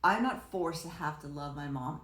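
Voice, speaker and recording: A woman's voice: low voice, expressive, moderate pace, a bit bright. A woman talking casually as a podcast guest, a rambling storyteller who restarts often and acts out quotes. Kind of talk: casual conversation. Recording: roomy echo.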